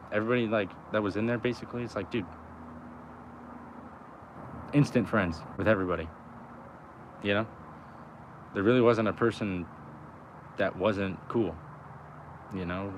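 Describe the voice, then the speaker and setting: A man's voice: on the low side, noisy background. A young man talking in a loose, rambling, profane way, full of fillers, outdoors by a road. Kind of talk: casual rambling chat.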